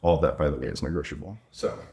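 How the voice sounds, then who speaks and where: Vet in his thirties, very low voice, casual and anecdotal, chatty with lots of "like". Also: fast talker, crowd noise. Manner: chatty, quotes himself and others, lots of "like". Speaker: veterinarian and clinic owner. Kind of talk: casual podcast storytelling.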